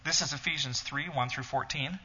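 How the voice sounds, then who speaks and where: A man's voice: medium pitch, fairly quick, pushed and bright, slight background noise. A man giving an earnest teaching sermon, explaining a Bible passage step by step to a congregation in a church hall. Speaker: teacher leading a Bible study. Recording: dull sound in a reverberant hall.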